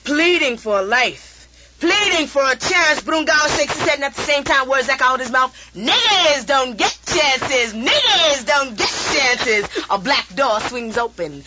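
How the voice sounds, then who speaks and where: A woman's voice: sits high, lively intonation, normal speed. A woman performing spoken-word poetry in a rhythmic, chanting, dramatic way. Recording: muffled recording with loud backing music.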